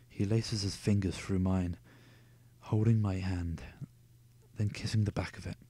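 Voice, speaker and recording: A man's voice: sits low, steady tone, unhurried, warm tone, husky, no room sound. A man reading a romance novel aloud at home, breaking off for sarcastic, profane asides. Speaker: reader of a novel.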